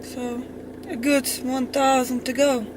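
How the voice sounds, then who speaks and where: A woman's voice: sits high, level tone, slow. A woman chatting casually on a road trip, playful and laughing. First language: Slovene. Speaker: vlogger. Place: inside a moving car. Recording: car noise.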